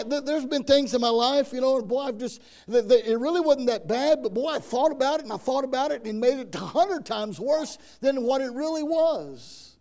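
A man's voice: very high-pitched, normal speed, hardly any pauses, dark tone. A man preaching a folksy sermon, telling stories and acting out the quoted voices.

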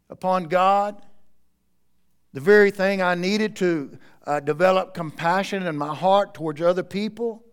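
Man, pastor preaching a sermon, smooth resonant voice, slightly high pitch, soft then loud delivery. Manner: preaching with wide swings between quiet and loud. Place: church.

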